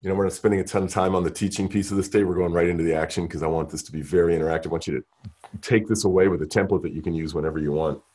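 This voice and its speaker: A man leading an interactive workshop, energetic and coaxing, who keeps firing questions at the group. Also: sits low, rapid-fire, slightly rough. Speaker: workshop leader.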